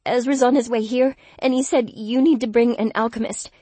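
A frantic young woman on the edge of tears, as a woman narrator puts her on, her husky voice quavering as the words spill out too fast. The audiobook recording is close and completely dry. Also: on the high side, steady tone, dark tone, no echo, pitched above the performer's own voice, close to an everyday voice. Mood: panicked. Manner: breathless, blurting, quavering.

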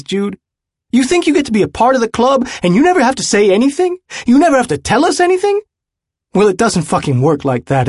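A man voicing a volatile young male artist who hurls cruel taunts and later begs forgiveness in a hushed voice. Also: mid-range voice, gravelly, breathy edge, no echo, clean studio sound, heavily acted. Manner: shouting cruel taunts, breaking into whispers.

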